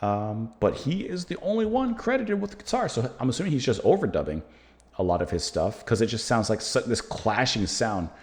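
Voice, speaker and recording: A man's voice: mid-range voice, big pitch swings, fairly quick. An American man hosting a music reaction channel, musing aloud in casual talk with plenty of fillers as he reviews a song.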